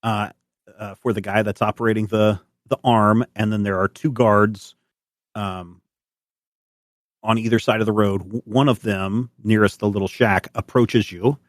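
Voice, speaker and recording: A man's voice: lowish voice, fairly even intonation, measured pace, no echo, clean studio sound. A man narrating a tabletop game as game master in a loose, rambling way.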